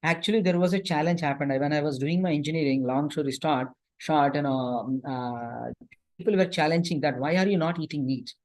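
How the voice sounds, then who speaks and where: A man's voice: a little high, fairly quick, a little mellow. A man giving a religious class lecture to young people, telling stories and checking in with his listeners through frequent "okay?" and "right?". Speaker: youth class teacher.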